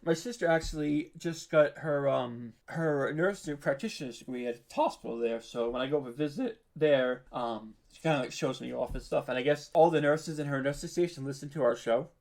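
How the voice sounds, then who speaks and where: A man with a New York accent, a podcast creator chatting casually as an interview guest, halting with ums and restarts. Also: a little high, darkish tone. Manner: hesitant, many ums and restarts, laughs easily.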